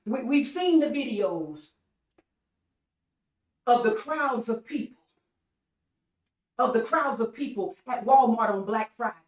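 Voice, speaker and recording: Woman preacher, online sermon, repetitive stammering build-ups, higher voice, captured from across the room. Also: lively intonation, slow pace, pauses often. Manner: repetitive call-and-response preaching with stammered restarts. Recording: echoey room, voice from far off mic.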